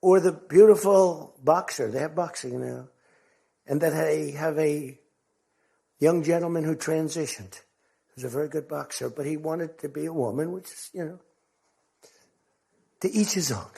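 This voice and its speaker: A man's voice: a little high, normal speed, creaky, pauses often, mellow, slightly rough. An older American man giving a rambling speech to a crowd, telling stories and acting out quotes. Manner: rambling, repetitive storytelling with acted-out quotes.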